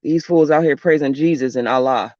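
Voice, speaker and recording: Fairly quick and a little mellow, a mid-range voice carries a spiritual vlogger's blunt, casual storytelling. The recording is dull, dry, and lo-fi, and she rambles and swears her way through each tale.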